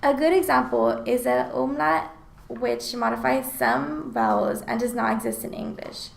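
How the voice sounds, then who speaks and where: Creaky-voiced woman explaining a chapter. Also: on the high side, measured pace, echoey room, low-quality recording. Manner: reads aloud in an explanatory, even tone. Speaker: student presenter. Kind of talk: scripted class presentation.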